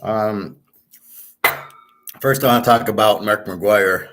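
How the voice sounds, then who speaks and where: Slow and steady in a fairly low voice, the host of a sports betting and finance channel delivers a blunt, profane, angry monologue to camera. Background noise is audible.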